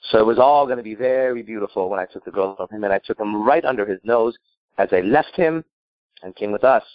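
A man's voice: lowish voice, no echo, dull audio. A man working as a dating coach, answering a caller's question with emphatic, profane storytelling.

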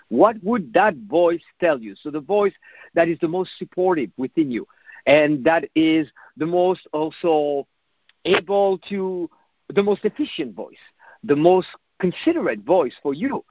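High-voiced man giving a coaching talk. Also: no echo, highs cut off. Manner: reflective, coaching, repeats phrases, occasional profanity. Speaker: self-help speaker. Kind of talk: motivational talk.

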